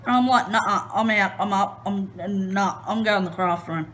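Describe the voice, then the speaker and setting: A woman chatting casually as she crafts, retelling a story in an expressive, animated way. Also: mid-range voice, normal speed, slight background noise. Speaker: crafting vlogger.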